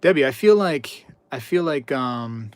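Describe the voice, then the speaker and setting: A man chatting on a live stream at a middle pitch, talking loosely and repeating his words as he reads the chat and tells a story. His voice is close and dry, with no room sound around it. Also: lively intonation, measured pace, no echo. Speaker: livestream host.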